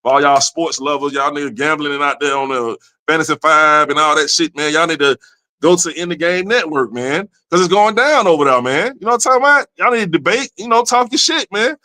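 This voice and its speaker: A man's voice: a little high, a little fast, sharp tone. A man hosting a podcast, talking in a loose, profane street style and tagging lines with "man". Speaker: podcast host. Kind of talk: casual podcast chat.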